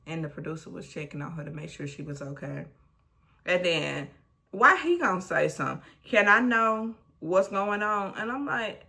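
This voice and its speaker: A woman's voice: on the low side, animated, normal speed, creaky, sharp tone. A woman hosting a casual recap vlog, retelling a reality show scene with blunt asides and acting out the quotes.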